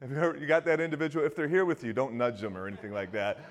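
A man preaching a sermon in a casual, conversational way, asking his listeners questions and dropping low and quiet when he quotes. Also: steady tone, very fast. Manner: conversational, asks the audience questions. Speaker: pastor.

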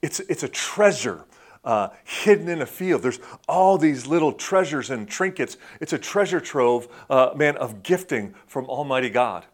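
A man delivers a sermon in a relaxed, conversational style, with a voice that sits at an ordinary middle pitch. He often sinks into soft, hushed tones when he gets to the heart of his point. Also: normal speed. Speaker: pastor.

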